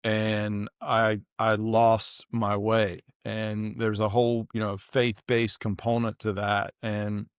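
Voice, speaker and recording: A man's voice: fairly low pitch, completely flat delivery, slow, hardly any pauses, clean tone, no echo, studio quality. A middle-aged man from the Southern United States, a podcast guest telling a personal story in an earnest, reflective way with frequent restarts.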